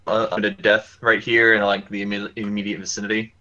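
A man plays in a tabletop game, asking questions in a hesitant way full of fillers. His voice is bright and forceful. The recording sounds dull and lo-fi. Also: lowish voice, level tone, brisk. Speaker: player. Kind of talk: casual tabletop play.

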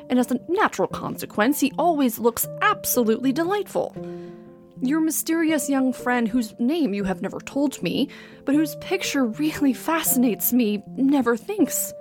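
A woman reading aloud as a languid, witty aristocratic Victorian gentleman with a theatrical, mocking drawl. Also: sits high. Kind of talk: dramatic reading.

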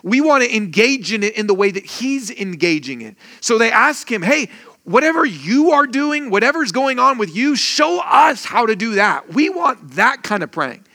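Casting: male pastor, high bright voice, lively sermon delivery with playful asides. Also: moderate pace. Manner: animated, acts out quoted voices, jokey asides.

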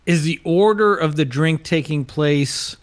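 A man's voice: on the high side, measured pace. A man playing a party game with friends, hesitant and rambling, often laughing. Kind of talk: casual chat, party game.

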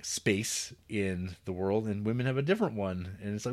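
A man's voice: lowish voice, expressive, brisk, hardly any pauses. A man co-hosting a film podcast, talking casually and profanely, laughing and acting out scenes with sarcasm. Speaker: podcast co-host reviewing films.

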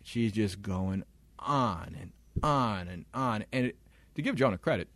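Lively man telling a story, laughing. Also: fairly low pitch, measured pace, no room sound. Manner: animated, laughs often, mimics moaning. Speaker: podcast co-host. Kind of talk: casual storytelling chat.

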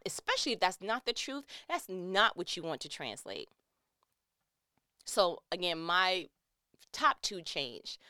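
A young adult woman in casual chat, animated and teary as she tells personal stories and acts out quoted lines. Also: sits low, clear, resonant tone, dry recording, clean studio sound. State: tearing up.

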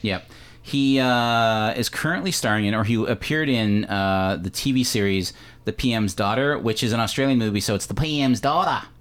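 Here a Canadian man hosts a podcast, discussing a movie in a relaxed way and often correcting himself or using filler words. His voice is lowish with a fairly bright tone, and he speaks at normal speed.

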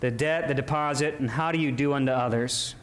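A man's voice: medium pitch, a little fast. A man pastor preaching a sermon, calling out to the congregation and shifting his emphasis as he goes. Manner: preaching with call-and-response asides and shifting emphasis.

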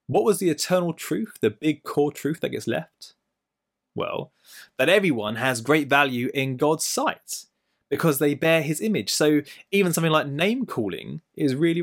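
A man's voice: on the high side, normal speed, creaky. A middle-aged man preaching a sermon, explaining a Bible passage with playful everyday stories and asides. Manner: lively storytelling with playful asides.

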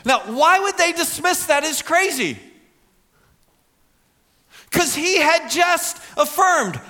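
Male pastor, very high bright voice, lively conversational sermon delivery. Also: slow pace, pauses often. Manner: animated, conversational preaching with quoted asides.

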